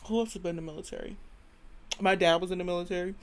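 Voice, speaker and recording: A young woman with a lowish voice races through a casual opinion rant on her own podcast, keeping her intonation fairly even. She is sassy, dramatic and blunt, swears freely, and keeps calling the listener "girl."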